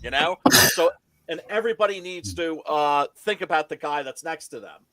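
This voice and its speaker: A man talks shop on a casual comics stream, leaning into his stories with emphatic, animated delivery. His voice has a slightly higher pitch and a forceful, bright edge. The sound is dry and close. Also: normal speed, no room sound. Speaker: comic creator guest. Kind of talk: casual podcast chat.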